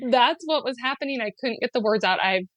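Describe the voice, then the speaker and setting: A woman guest on a podcast telling a personal story in an earnest, heartfelt way, sliding into lively acted-out quotes and laughs, with many fillers. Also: fairly high pitch, a little fast, no room sound. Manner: animated when acting out quotes, often laughing. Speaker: podcast guest, spiritual guide.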